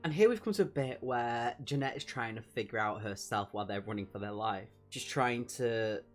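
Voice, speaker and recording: A man hosting a book review vlog, reading excerpts from a novel aloud and breaking off to react. His voice sits at an everyday middle pitch, and his delivery is emphatic and expressive, swinging from glee to revulsion. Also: moderate pace, faint music behind. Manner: emphatic, reacting with disgust and delight.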